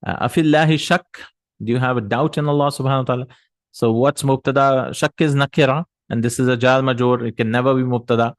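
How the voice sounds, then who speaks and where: A man's voice: mid-range voice, quick pace, dry recording. A man teaching Arabic grammar in a recorded lesson, explaining step by step and answering his own questions.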